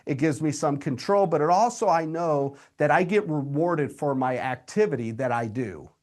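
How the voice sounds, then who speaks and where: Upbeat man coaching live. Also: fairly high pitch. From Indiana, USA. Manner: energetic, direct, talks straight to the audience. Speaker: real estate coach.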